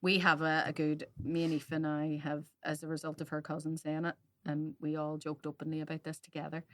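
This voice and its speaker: A woman's voice: low-pitched, monotone, brisk, a bit bright. A woman co-hosting a podcast, chatting casually and frankly, swearing freely. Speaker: podcast co-host. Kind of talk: casual chat.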